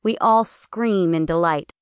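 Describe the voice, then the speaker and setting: A woman narrating a first-person audiobook in a clear, measured storytelling manner. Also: on the low side, no room sound, clean studio sound.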